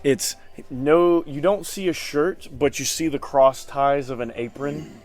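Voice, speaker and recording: A man's voice: on the high side, measured pace, darkish tone. A man narrating as game master in a casual tabletop game, often laughing as he describes the scene. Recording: faint background music.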